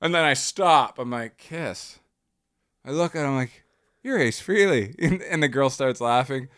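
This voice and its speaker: A man recounts an anecdote in loose podcast banter, swearing freely and slipping into the voices of the people in his story. His voice sits at an ordinary middle pitch. The recording is close and dry. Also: normal speed, clean tone, dry recording. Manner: profane, animated, acts out quotes. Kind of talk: casual chat, storytelling.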